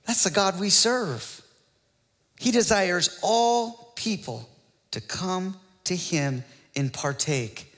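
A male pastor preaching a sermon, building to excited rhetorical questions and calls to the congregation. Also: sits high, slow pace, big-room sound.

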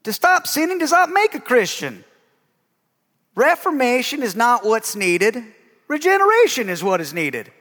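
A man doing an impression of an elderly Southern preacher with a slow, emphatic drawl. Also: very high-pitched, very animated, fairly bright tone, in a large hall, voice pushed up, heavily acted. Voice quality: drawling, drawn-out delivery.

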